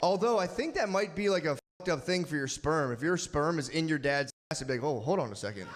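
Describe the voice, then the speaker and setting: A man's voice: fairly high pitch, fairly quick, noisy background. A man doing crude stand-up crowd work on a club stage, brash and profane, laughing at his own jokes.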